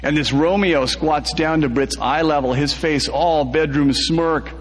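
A man's voice: on the high side, measured pace, long reverb tail. A man reading a first-person story aloud, laughing through the telling.

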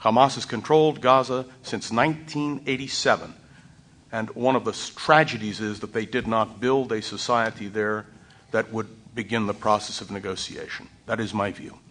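A man speaking on a panel, blunt and deliberate, pressing his points firmly. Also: lowish voice, steady tone, fairly bright tone. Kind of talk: panel discussion.

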